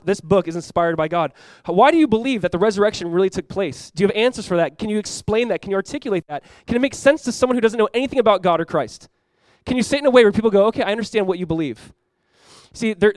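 A young man from Southern California preaches, his voice sitting high and his words coming quickly. He tells his story in an animated way and acts out the people he quotes. The sound is dry and close. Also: no echo. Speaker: pastor. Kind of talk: sermon.

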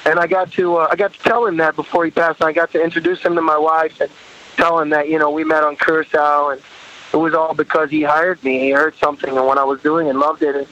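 A man with a high voice tells a long story as an interview guest. He laughs often, acts out the voices of others, and sounds dull and lo-fi. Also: fairly bright tone. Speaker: guest musician, horn arranger.

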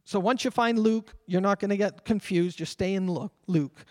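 High-voiced preaching man, church reverb. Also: darkish tone. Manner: earnest preaching, slows down to read scripture aloud. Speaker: pastor. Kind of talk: sermon. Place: church sanctuary. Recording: long reverb of a church hall.

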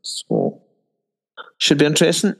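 A man with a Scottish accent co-hosting a football podcast, bantering in a brisk, matter-of-fact way. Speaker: podcast co-host. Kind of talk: casual football chat.

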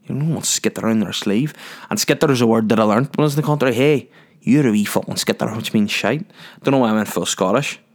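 A man's voice: medium pitch, fast talker. A young man, telling a crude, rambling comic story in a loose monologue.

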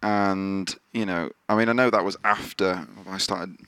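Low-voiced man telling stories. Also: fairly even intonation, unhurried, pushed and bright, smooth, no echo. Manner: swears freely, acts out others in quotes. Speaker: podcast host. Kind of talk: casual storytelling chat. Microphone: podcast microphone.

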